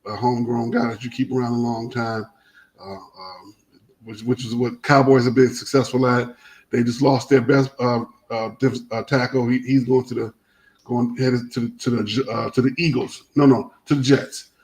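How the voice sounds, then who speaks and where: A man's voice: medium pitch, moderate pace, rough recording. Rambling man hosting sports talk. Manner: rambling, animated storytelling with many restarts. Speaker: sports talk show host. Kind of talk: casual sports chat.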